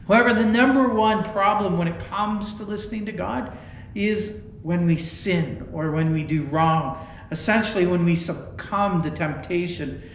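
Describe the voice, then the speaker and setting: A man's voice: sits high, a little hiss or hum. A man preaching an online sermon in a folksy, conversational way, often repeating words. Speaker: pastor. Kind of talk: sermon with storytelling. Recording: echoey room.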